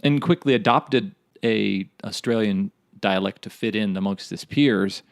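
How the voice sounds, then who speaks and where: A man's voice: lowish voice, a little slow, vocal fry, dry recording, clean studio sound. A man co-hosting a podcast in casual chat, rambling and speculating, laughing at his own stories. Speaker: podcast co-host.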